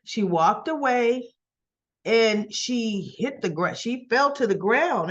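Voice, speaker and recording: A woman's voice: fairly high pitch, lively intonation, slow. A woman giving a casual recap of a soap opera episode, telling it in an emotional, rambling way and acting out the dialogue. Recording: dull lo-fi sound.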